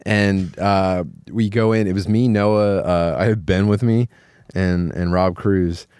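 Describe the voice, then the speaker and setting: A man with a fairly low voice co-hosts a podcast and chats casually. He rambles, trips over himself and circles back mid-sentence. The sound is dry and close, with almost no room around it. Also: steady tone, takes it slowly, darkish tone, smooth, no room sound. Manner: rambling, full of filler words and self-corrections. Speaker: podcast co-host. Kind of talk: casual chat.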